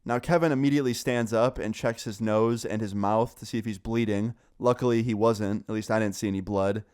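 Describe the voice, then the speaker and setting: A young man casually telling a school story, animated and swearing, acting out what others said. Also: on the low side, brisk, smooth. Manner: animated, swearing, acts out quoted voices. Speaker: storyteller vlogger.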